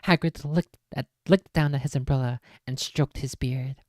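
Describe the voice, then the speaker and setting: A woman's voice: extremely low pitch, steady tone, normal speed, darkish tone, no echo, clean studio sound. A woman streamer reading a book aloud on a casual stream, with playful, self-mocking asides.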